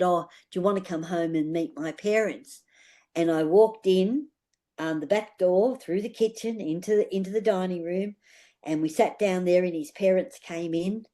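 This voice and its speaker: A woman's voice: fairly low pitch, warm tone. Older Australian woman, interview guest, heartfelt storyteller, repeats phrases. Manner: earnest, heartfelt, repeats phrases, uses fillers. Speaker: guest, aura healer.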